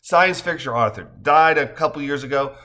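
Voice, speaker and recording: A man's voice: fairly high pitch, moderate pace, sharp tone. A man reading an audiobook, voicing a playful, jokey man with corny humor. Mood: joking.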